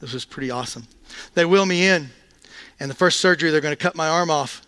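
A man telling a personal testimony, animated and acting out the dialogue in voices. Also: on the high side, fast talker, clear, resonant tone, dry recording. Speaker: speaker sharing a testimony.

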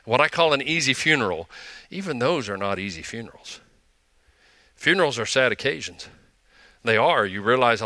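A man's voice: mid-range voice, moderate pace, bright, forceful tone, no echo. An older man pastor giving a conversational sermon, with frequent asides and restarts.

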